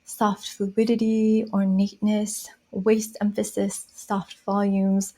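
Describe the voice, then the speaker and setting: Woman teaching style stuff, slow and soft, lists things bit by bit, warm mellow tone. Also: medium pitch, level tone. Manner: slow, soft-spoken, listing qualities one by one. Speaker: style educator. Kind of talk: explanatory lesson narration.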